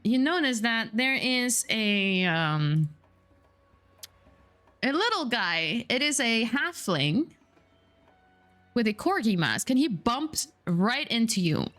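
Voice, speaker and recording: A woman narrating as a tabletop game master in a chatty, descriptive way, with many pauses and fillers. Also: on the high side, very animated, a bit bright. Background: faint music.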